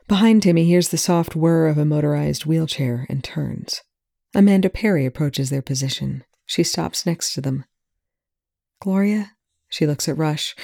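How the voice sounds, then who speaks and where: A storyteller narrates at an even, measured pace. The voice is dark and mellow with a gravelly texture, recorded close in a dry space. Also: mid-range voice, no room sound. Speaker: audiobook reader. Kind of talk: reading fan fiction aloud.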